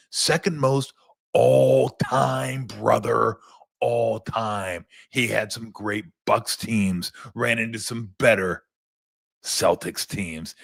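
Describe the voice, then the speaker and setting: A man voicing a brash male pro-wrestler persona, booming through a bombastic promo that keeps calling the listener brother, his voice straining. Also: creaky, fairly bright tone, no room sound, clean studio sound, full character voice.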